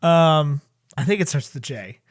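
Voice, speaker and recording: High-voiced man, wry and casual. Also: lively intonation, normal speed. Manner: wry, correcting, dry humor. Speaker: podcast co-host. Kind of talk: casual chat.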